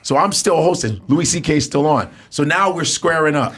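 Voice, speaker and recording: Husky, animated storyteller man. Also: a little high, normal speed. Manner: animated, acts out the people in his stories. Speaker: comedian guest. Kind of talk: casual storytelling.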